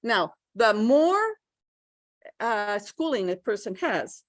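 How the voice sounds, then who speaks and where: A middle-aged woman giving a pronunciation workshop, lively and often checking in with her listeners. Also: medium pitch, takes it slowly, no echo. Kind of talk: lecture to English teachers.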